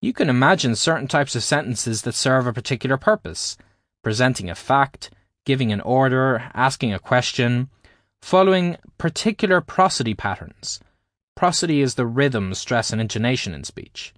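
Male author-narrator, audiobook read, explanatory and measured, very animated pitch, dry close sound. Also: no echo. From Ireland. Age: adult, at least 20s. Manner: explanatory, carefully paced teaching delivery. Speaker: author reading his own book.

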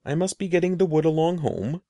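A man's voice: on the high side, lively intonation, brisk, dark tone, no echo, pitched above the performer's own voice. A man voicing a polite old-fashioned village boy. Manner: formal, old-fashioned phrasing.

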